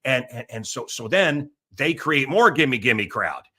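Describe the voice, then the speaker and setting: A middle-aged American man hosting a talk show, ranting loudly and crudely in a rambling, blustery way. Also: medium pitch, lively intonation, a little slow. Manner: loud, blustery and crude, with mocking put-on voices. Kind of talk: rambling political rant.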